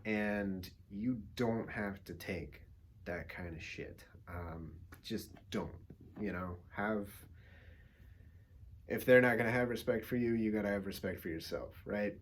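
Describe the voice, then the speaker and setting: A man vlogging casually, telling a story with lively acted-out quotes, laughing and swearing often. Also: on the low side, measured pace, slight background noise. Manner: swears casually, rambling asides. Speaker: actor and vlogger.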